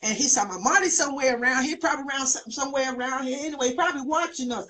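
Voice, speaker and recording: A woman's voice: sits high, rapid-fire, sharp tone. An older woman tells a personal story in an interview, acting out the voices of others. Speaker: guest, mother of a missing young man's family. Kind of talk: emotional personal account.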